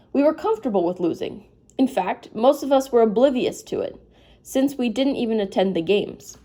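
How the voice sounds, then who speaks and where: Woman reader, sleepy, informal read-aloud, mellow voice pitched a touch high. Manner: informal, breaks off to apologize and comment. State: sleepy, yawning. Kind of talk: casual read-aloud of a novel.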